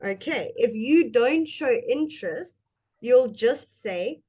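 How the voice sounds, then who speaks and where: A woman's voice: fairly high pitch, animated, darkish tone, husky. A woman teaching English one-on-one, speaking patiently and modeling intonation for her student. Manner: slow, patient, demonstrates intonation. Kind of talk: one-on-one language lesson.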